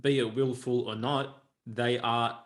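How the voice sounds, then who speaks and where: A man's voice: medium pitch, flat delivery, a little slow. A male podcast co-host speaks earnestly in an ordinary mid-range voice. He repeats words as he gathers each thought, then lands it plainly. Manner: earnest, stumbles over restarts. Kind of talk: casual podcast conversation.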